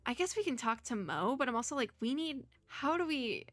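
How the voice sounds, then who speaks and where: Bright-voiced young woman playing a game. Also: high voice, a little fast, no echo. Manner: chatty, animated, reads lines in voices, laughs often. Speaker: gaming YouTuber. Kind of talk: let's play commentary reading game dialogue aloud.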